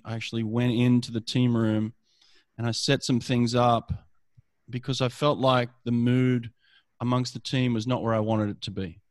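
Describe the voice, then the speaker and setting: A man's voice: medium pitch, dry recording. A middle-aged man, a swim coach telling stories in casual conversation, often restarting his phrases. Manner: storytelling, frequent restarts.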